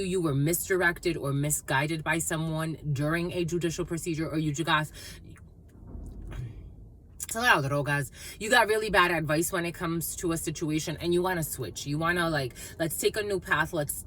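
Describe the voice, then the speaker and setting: A woman doing a casual, rambling intuitive reading, playful and quick to laugh. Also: sits low, fairly bright tone, a little hiss or hum. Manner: rambling, playful, laughs often, terms of endearment. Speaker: psychic tarot reader.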